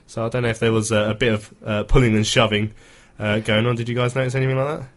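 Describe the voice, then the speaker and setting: A man's voice: mid-range voice, flat delivery. A man hosting a football phone-in radio show, chatting casually with lots of fillers and restarts. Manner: quick, hesitant, many fillers.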